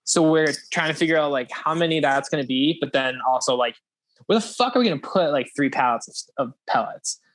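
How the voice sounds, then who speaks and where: Young male podcast host, slightly high pitch, loose rambling chat with casual swearing. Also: expressive, fairly quick, fairly bright tone.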